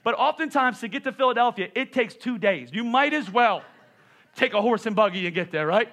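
A middle-aged man preaches a sermon at a quick clip, his voice bright and fairly high. He tells everyday stories with animated asides aimed at the congregation. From Pennsylvania. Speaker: pastor.

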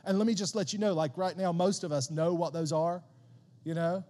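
Long church-hall reverb surrounds this pastor's high voice as he preaches briskly and casually, treating the congregation like friends. He gets animated and stumbles over repeated words while driving a point home in his sermon.

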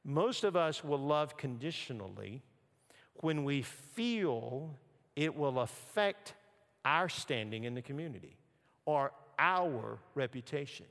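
A man preaching a sermon, telling a story and sinking into soft, low emphasis on key words. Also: expressive, slow pace, vocal fry. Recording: long hall reverb.

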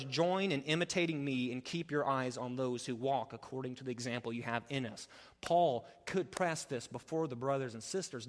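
A man preaching a sermon as pastor, passionate, swinging from loud emphatic stretches to quiet, low appeals. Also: big-room sound. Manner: impassioned, rising to loud emphatic preaching then dropping low.

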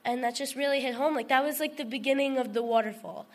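A woman's voice: high voice, fast talker. A woman giving a heartfelt personal testimony to a group, rambling with lots of fillers and restarts. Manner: earnest and emotional. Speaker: testimony speaker.

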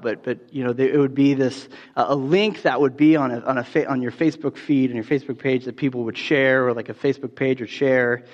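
A man preaching a sermon in a relaxed, conversational way, telling a story with many restarts and fillers. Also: mid-range voice. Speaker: pastor. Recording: dull sound with long hall reverb.

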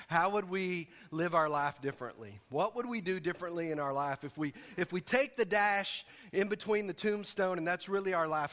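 A folksy, joking male pastor preaching a sermon in a church sanctuary. His voice is high and bright, with a long hall reverb behind it. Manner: folksy, joking, leads call-and-response.

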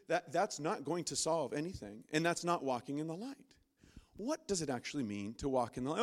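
A man preaching a sermon from a church stage, animated and acting out inner voices with sudden loud, high bursts. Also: brisk. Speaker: pastor.

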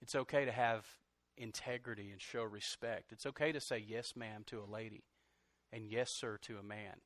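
A middle-aged man preaching a sermon, animated, swinging from loud outbursts to soft, confessional lines. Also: on the low side, normal speed, no echo, clean studio sound. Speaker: pastor.

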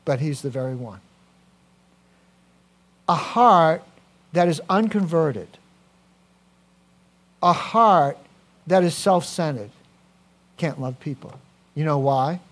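A man preaching a sermon as a pastor, animated, swinging from quiet to loud with personal asides. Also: on the high side, takes it slowly, long pauses.

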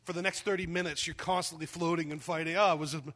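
A man preaching a sermon, telling a personal story with lively quoted voices and dramatic pauses. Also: on the high side. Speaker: pastor.

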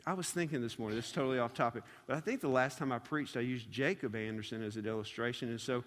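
A man, a youth pastor, preaching a sermon and telling a personal story in a conversational, animated way. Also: mid-range voice, fast talker, in a large hall.

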